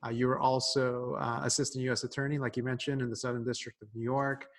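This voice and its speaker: A man's voice: medium pitch, flat delivery, fast. A man hosting a podcast, asking his guest a question with light fillers. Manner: attentive, with brief affirmations and laughs. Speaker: podcast host. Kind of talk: interview.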